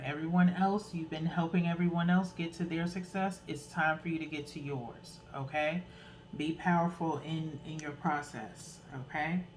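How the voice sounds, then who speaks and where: A low-pitched woman gives a casual, sincere tarot reading, urging her listeners on and closing phrases with a questioning "okay?". Her delivery is loose and rambling with restarts, and the rough recording carries slight background noise.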